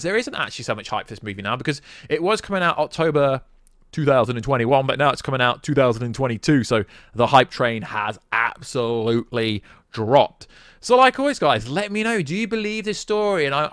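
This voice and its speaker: A young British man hosting a casual film news vlog, sarcastic and animated, rambling as he debunks a story. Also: mid-range voice, no echo, studio quality. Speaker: YouTube film news host.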